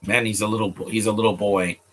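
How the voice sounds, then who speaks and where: Man, casual streamer, rambling, talks straight to viewers, lowish pitch, forceful bright tone. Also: level tone, fast talker. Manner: rambling, stumbles and restarts often; chats directly to viewers. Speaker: streamer reacting to a film. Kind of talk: casual live commentary.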